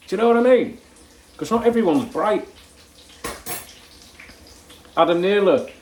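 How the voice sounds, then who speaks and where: A man's voice: a little high, echoey room, slight background noise, low-quality recording. An older man, casually reading out viewer comments in his kitchen, blunt and jokey with plenty of swearing. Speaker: football fan channel host. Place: home kitchen while cooking.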